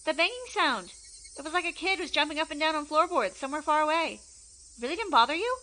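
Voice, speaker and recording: A woman voicing a teasing, anxious teenage girl, reading a visual novel aloud in an excitable manner. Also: sits high, quick pace, voice pushed up, low-quality recording. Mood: uneasy. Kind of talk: visual novel read-along.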